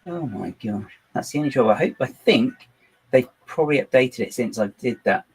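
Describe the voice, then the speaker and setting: Medium-pitched and expressive, this man's slightly rough voice moves fairly quickly, and the recording is rough. He's a channel host livestreaming casually from home as he builds models on his computer, rambling, teasing himself, and talking to both himself and his dog.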